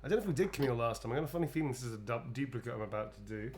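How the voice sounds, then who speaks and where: A man's voice: mid-range voice, lively intonation, rapid-fire, background noise. A tired man chatting casually on a livestream, rambling and playful, calling viewers darlings as he draws. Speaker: actor drawing requested sketches for viewers.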